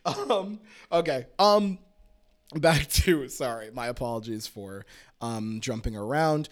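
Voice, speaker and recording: A man co-hosting a podcast in casual chat, launching into excitable, laughing rants with plenty of swearing. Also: mid-range voice, slow. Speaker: podcast co-host.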